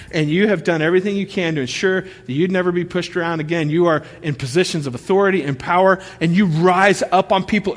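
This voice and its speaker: A man in his thirties preaching a sermon, telling stories with animated energy and acting out what people said. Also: sits high. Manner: animated storytelling, acting out quotes. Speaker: pastor. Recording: long reverb of a large hall.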